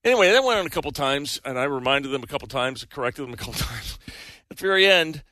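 A man on a talk show, telling a rambling story with a bright, forceful voice and little chuckles. The sound is close and dry, with almost no room around it. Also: mid-range voice, animated, fast, dry recording. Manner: chuckling, rambling anecdote with restarts. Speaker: show co-host. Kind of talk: casual chat, storytelling.

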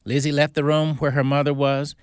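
A man's voice: on the high side, little pitch movement, brisk, clean tone, no room sound, studio quality. A man hosting a Christian radio show, telling a story in an earnest, folksy way.

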